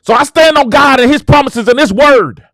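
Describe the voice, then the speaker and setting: A man's voice: extremely high pitch, moderate pace, a bit bright, no room sound, clean studio sound. A man hosting his own show, talking in a casual motivational monologue that turns preachy and exclamatory as he hypes himself up. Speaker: show host.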